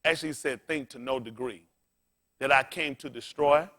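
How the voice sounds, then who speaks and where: A man's voice: medium pitch, moderate pace, sharp tone. A man preaching a sermon as pastor in a plain-spoken, folksy way, calling out to the congregation and asking it questions as he restates scripture.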